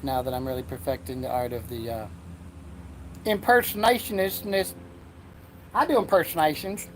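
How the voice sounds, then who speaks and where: A man's voice: medium pitch, slight background noise. A man hosting a solo comedy podcast, rambling and self-mocking as he talks through his silly bits. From Erie, Pennsylvania, USA. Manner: jokey, meandering, self-mocking. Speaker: podcast host. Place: front porch outdoors.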